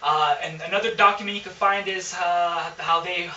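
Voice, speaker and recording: A man from Southern California, a rapper guest, telling stories in slangy, animated casual chat. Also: high voice, moderate pace, a little hiss or hum. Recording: roomy echo, distant mic, dull sound.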